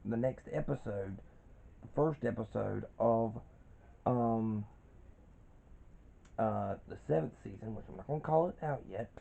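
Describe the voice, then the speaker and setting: A man's voice: fairly low pitch, unhurried, creaky, pauses often, dark tone. A man in his twenties giving a rambling, casual review of a cartoon, with frequent restarts and fillers, on a dull lo-fi recording.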